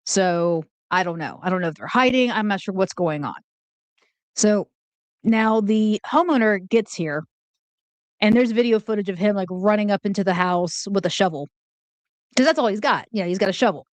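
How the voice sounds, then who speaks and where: A woman's voice: medium pitch, normal speed, dry recording. Woman chatting through a true crime case, casual and wondering aloud, dry close sound. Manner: chatty, thinking aloud with fillers. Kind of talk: casual commentary over clips.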